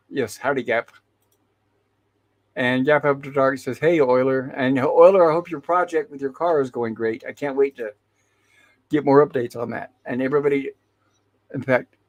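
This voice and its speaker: A man hosting a casual livestream who reads viewer chat messages aloud and greets each viewer by name, often restarting and correcting himself. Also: medium pitch. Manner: hesitant, with frequent restarts and self-corrections. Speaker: livestream host.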